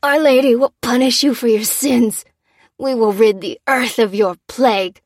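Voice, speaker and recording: A woman's voice: fairly high pitch, unhurried, no room sound, clean studio sound, voice pushed up. A woman voicing an injured, fanatical male missionary with a strained, pained, preaching delivery. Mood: zealous.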